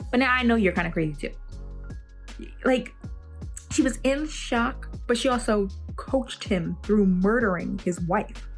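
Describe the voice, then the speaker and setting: A young woman vlogging casually about a book, reacting dramatically and in disbelief to the plot. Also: high voice. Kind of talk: casual chat.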